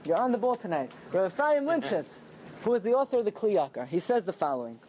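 Male class teacher, lively and questioning, faint room noise. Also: high-pitched, fast. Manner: animated, questioning the audience and joking. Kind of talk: lively evening Torah class to a live group. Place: small room with a live audience.

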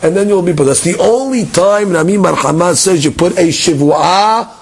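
A man teaching a Talmud class, moving between quick Hebrew text reading and explanation while acting out the claims in a case. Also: high voice, husky. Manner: lively, leaps between English and Hebrew text reading, acts out case dialogues.

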